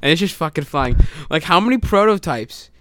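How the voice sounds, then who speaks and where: A young man co-hosting a casual podcast, excitable and laughing, swearing freely and acting out quotes. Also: a little high, a little fast. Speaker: podcast co-host.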